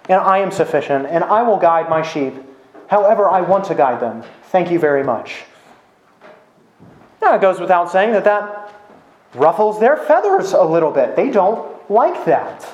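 Man, pastor, conversational sermon, fairly high voice, frequent "right?" questions, echoey room. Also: a little mellow, dull audio.

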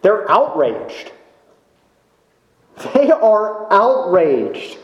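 Slow, emphatic male preacher in echoey room. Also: fairly high pitch, animated, dull audio. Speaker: pastor. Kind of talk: sermon. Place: church sanctuary.

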